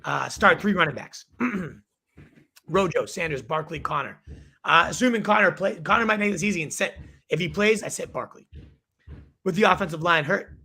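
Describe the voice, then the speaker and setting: Raspy high-voiced young man hosting. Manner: energetic, quick verdicts. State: losing his voice. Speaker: fantasy football show host. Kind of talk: rapid-fire live advice show.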